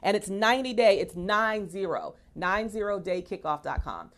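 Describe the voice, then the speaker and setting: Brief: woman host, mid pitch, emphatic motivational talk. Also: expressive, normal speed. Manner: emphatic, preachy, hypes up her audience.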